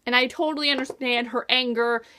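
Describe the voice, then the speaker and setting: A woman's voice: a little high, steady tone, brisk, bright, forceful tone. A young woman casually reviewing a book in a vlog, bubbly and gushing, with lots of "like" and "oh my gosh".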